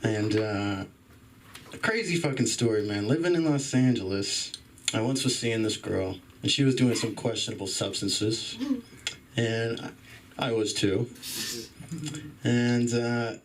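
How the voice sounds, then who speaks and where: A young man doing a profane stand-up set at a comedy club open mic, acting out loud voices as he tells stories. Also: lowish voice, unhurried, long pauses, far from the mic, slight background noise. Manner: animated, swearing storyteller, jumps into loud voices.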